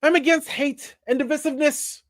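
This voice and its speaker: A prim young woman with an overdone, put-on British accent, as a man puts her on, her voice pitched far above his own. She reads her statement sweetly and carefully. The sound is close and dry. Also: fairly even intonation, a little fast, a bit bright, no room sound. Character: mocking high-voiced young woman celebrity.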